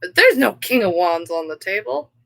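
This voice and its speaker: A woman's voice: medium pitch, expressive, moderate pace, gravelly, fairly bright tone, no room sound, rough recording. A woman giving a casual live tarot reading, rambling and easily sidetracked. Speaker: tarot reader.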